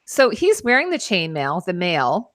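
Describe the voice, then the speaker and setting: A woman's voice: fairly low pitch, wildly swooping pitch, moderate pace, no echo, clean studio sound, faint music behind. A woman hosting a live costume show, explaining garments in casual chat with frequent fillers.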